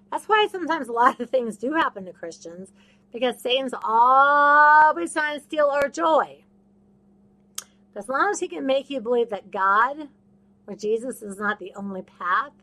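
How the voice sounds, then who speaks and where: On her faith podcast, a woman speaks straight to listeners in a casual, preaching style. Her voice is a bit high, bright and forceful; she drives points home by repeating them and frequently acts out the voices of those she mentions.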